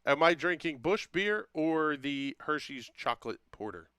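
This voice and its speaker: Male stream host, casual and jokey, smooth voice, dry close mic. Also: on the high side, animated, a little slow, sharp tone, no echo. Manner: joking, drawling, talks to viewers by name. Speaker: livestream host. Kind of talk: casual livestream chat reading comments.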